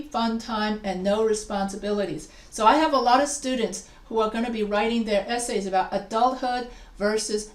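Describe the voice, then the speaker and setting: Woman writing teacher, kinda high voice, goes over example sentences again and again, roomy echo. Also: far from the mic. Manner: explanatory, repeats example sentences for emphasis. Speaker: writing instructor. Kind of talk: lecture over video call. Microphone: video call microphone.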